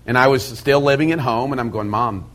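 Middle-aged male pastor, folksy teaching voice, mid pitch, lively quoted asides. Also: quick pace. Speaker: pastor teaching a Bible study method. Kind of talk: sermon-style teaching talk.

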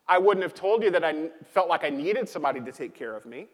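A man's voice: on the high side, lively intonation, fast talker. A man preaching a sermon as pastor, speaking in a loose conversational way with many fillers and repeated key lines. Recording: long hall reverb.

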